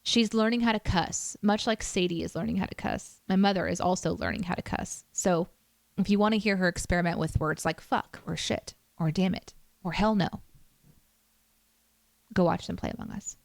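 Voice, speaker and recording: A woman's voice: fairly low pitch, normal speed, creaky, dry recording. A woman streamer chatting casually with her viewers, reading chat aloud and teasing herself. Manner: chatty, self-deprecating, reads chat aloud.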